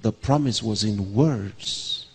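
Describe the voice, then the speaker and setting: Husky older pastor preaching slowly. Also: male voice, on the low side. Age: 60s. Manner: preaching with rhetorical questions and answers. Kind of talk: sermon. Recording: long reverb of a large hall.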